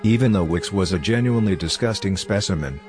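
A man narrating a story in a steady, measured scripted reading. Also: deep voice, over music. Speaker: audiobook narrator.

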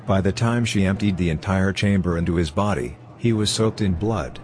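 A man narrating a story in a steady, measured scripted reading. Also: low voice. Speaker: audiobook narrator.

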